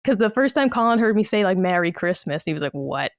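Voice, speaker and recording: A woman's voice: mid-range voice, fast talker, dry recording, studio quality. A woman with a Massachusetts accent, chatting casually on a podcast and telling stories that quote other people along the way. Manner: chatty storytelling, quotes people in lively asides. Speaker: podcast co-host.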